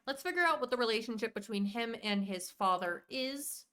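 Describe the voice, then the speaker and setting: A woman's voice: fairly high pitch, lively intonation, a little fast, sharp tone, clean tone. A woman live streaming as she plays a game, chatting casually, rambling through details and greeting viewers by name. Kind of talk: casual live-stream chat while playing.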